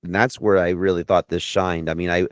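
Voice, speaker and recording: Low-voiced man giving laid-back movie opinions. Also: flat delivery, fairly quick, no echo, studio quality. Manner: laid-back, lots of short agreeing fillers. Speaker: podcast co-host. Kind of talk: casual movie discussion.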